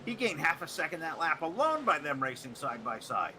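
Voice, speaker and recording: A man's voice: on the high side, big pitch swings, fairly quick, noisy background. A man calling a sim truck race as commentator, with joking, sardonic banter. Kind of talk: play-by-play sim racing commentary.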